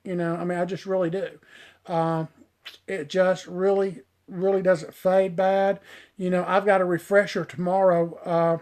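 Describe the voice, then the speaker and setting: A man's voice: little pitch movement, unhurried, a little mellow. A middle-aged man who works as a hairstylist, chatting casually and folksily with viewers on a live stream and calling them y'all. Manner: breaks off to coax his dog in a high sing-song. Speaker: hairstylist hosting a live show.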